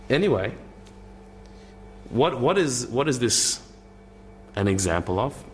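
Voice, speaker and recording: A man of middling pitch talks through a lecture in a loose, conversational way, stumbling over and repeating words as he works out his point. He drops in wry asides along the way. A faint hum sits under the recording. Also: very animated, takes it slowly, long pauses.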